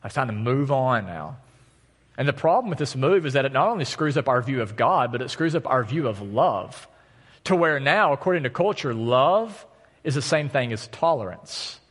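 A man's voice: mid-range voice, animated, moderate pace, fairly bright tone, slightly rough. A man in his thirties preaching a sermon as pastor, talking conversationally and telling stories with self-deprecating humor. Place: church sanctuary. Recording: long reverb of a church hall.

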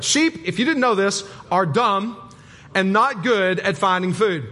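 A man's voice: high-pitched, expressive, measured pace, bright, forceful tone. A man preaching a sermon as pastor, in a folksy, emphatic way with repetition and humor. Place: church sanctuary. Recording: long hall reverb.

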